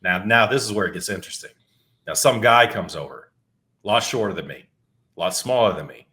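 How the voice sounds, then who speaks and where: A middle-aged man with a fairly low voice tells a story in a casual, meandering way on a podcast. He swears freely and often trips over and restarts his words. The delivery is relaxed, like he is talking from home. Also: fairly quick. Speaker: podcast co-host.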